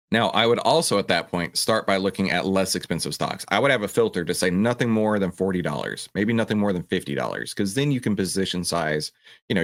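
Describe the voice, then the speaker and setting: A man hosting a livestream Q&A, talking with passion and acting out voices of other people. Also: on the low side. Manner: passionate, animated, mimics a panicking trader. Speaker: host answering viewer questions. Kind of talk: livestream Q&A on stock trading.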